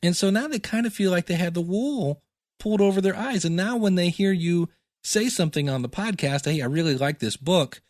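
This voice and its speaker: Man, middle-aged, podcast teacher, chatty, self-deprecating, slightly high voice, dry close sound. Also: lively intonation, brisk, a little mellow, dry recording. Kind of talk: casual solo podcast talk.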